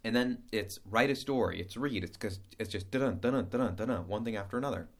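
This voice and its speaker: A man talks through a relaxed lesson in a loose, rambling way. He trips over his own words, restarts, and fills gaps with playful scat sounds. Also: lowish voice, fast. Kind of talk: casual spoken lesson.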